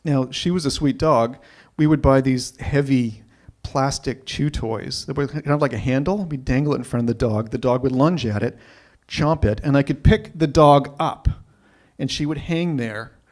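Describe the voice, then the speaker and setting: A man telling a personal story live, animated and often repeating himself as he builds up. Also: mid-range voice, moderate pace. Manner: animated, repeats words when excited.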